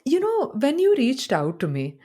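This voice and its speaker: A woman's voice: high-pitched, huge pitch swings, moderate pace, dark tone, slightly rough. A woman interviewing a podcast guest, asking questions in a curious, enthusiastic way.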